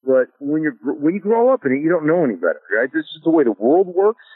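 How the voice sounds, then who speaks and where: A man's voice: fairly high pitch, very animated, quick pace, breathy edge, dry recording. Middle-aged man from Alaska, laid-back storyteller, chuckling, tinny phone sound, dry. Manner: easygoing, chuckling, many "you know" fillers. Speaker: guest, former pro football lineman. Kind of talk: casual storytelling interview.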